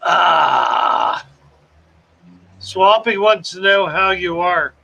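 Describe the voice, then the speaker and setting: A man's voice: high voice, animated, drawn-out words, vocal fry, pushed and bright, husky, rough recording. A man from South Carolina, hosting a live fish-keeping stream and chatting as he reads out viewer comments. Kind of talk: casual live-stream chat reading comments.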